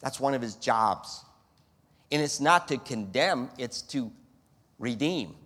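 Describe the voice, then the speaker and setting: Animated male preacher in a reverberant hall. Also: mid-range voice, slow pace. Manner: animated, rhetorical questions, acts out scenes. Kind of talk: sermon.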